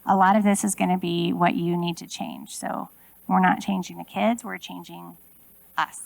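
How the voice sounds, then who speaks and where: Woman in her forties, keynote speaker, chatty, rhetorical questions, gravelly fry, dry close sound. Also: fairly low pitch, flat delivery, normal speed, no room sound, rough recording. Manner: conversational, asks the audience many rhetorical questions. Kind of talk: conference keynote talk. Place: conference room.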